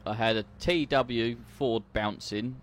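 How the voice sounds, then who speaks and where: A young man with a mid-range voice talks slowly while playing a farming game, joking and laughing his way through stories about his own accidents. There's a little background noise, and it's casual gaming chat full of jokey, laughing anecdotes.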